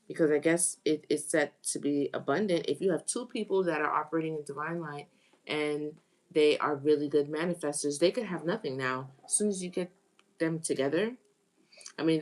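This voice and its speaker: A woman with a somewhat low voice gives a live tarot reading. She talks in an animated way and repeats phrases for emphasis. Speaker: tarot reader.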